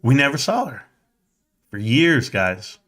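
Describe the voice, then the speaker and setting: A man hosting a livestream, telling a personal story in a casual, animated way, jumping into a higher voice to act out quotes. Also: unhurried. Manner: animated, acts out quotes in a high voice; conversational, with fillers and restarts. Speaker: livestream host.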